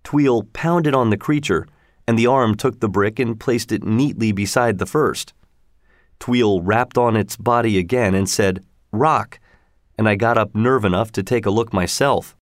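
A man narrates a story in a steady, measured way. His voice sits in a middle pitch. The recording is dry and close. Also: dry recording. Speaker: audiobook reader. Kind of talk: scripted narration.

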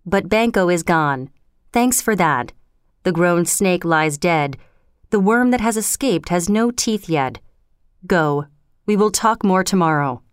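A woman voicing a haunted, guilty male king in a storybook reading, speaking in slow, dramatic outbursts. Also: fairly low pitch, animated, smooth, dry recording, studio quality. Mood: cold.

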